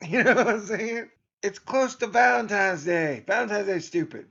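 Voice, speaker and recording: A man's voice: on the high side, expressive, fairly quick, creaky, a bit bright, slightly rough, dull audio. A man hosting his own video channel, rambling through a sarcastic, jokey monologue and laughing at his own jokes. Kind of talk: casual joking monologue.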